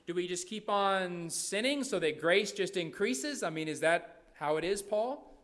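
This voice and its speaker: A man's voice: high voice, animated, a little slow, a bit bright. A man preaching a sermon, emphatic, often checking in with "right?" and repeating his points. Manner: repeats phrases and restarts words.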